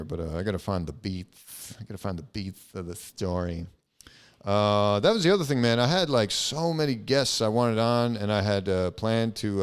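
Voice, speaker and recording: A young man hosting a casual solo podcast, rambling and swearing with lots of fillers. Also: lowish voice. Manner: rambling, profane, frequent fillers. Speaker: podcast host.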